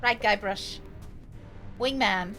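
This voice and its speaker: A woman casually comments on a video game she's playing, with game music in the background. Her medium-pitched voice is slow, pushed and bright, and she's playful, jokey and crude in her live-stream commentary, often laughing and reading game lines aloud.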